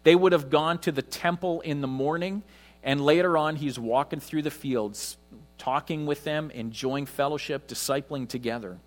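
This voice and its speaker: A man preaching a conversational sermon in church, with frequent pauses. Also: a little high. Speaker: pastor.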